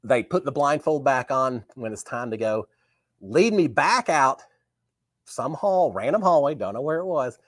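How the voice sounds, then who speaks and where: A man's voice: mid-range voice, unhurried, no room sound. A man hosting a live talk show, telling a story casually and acting out remembered dialogue. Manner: animated, acts out remembered dialogue.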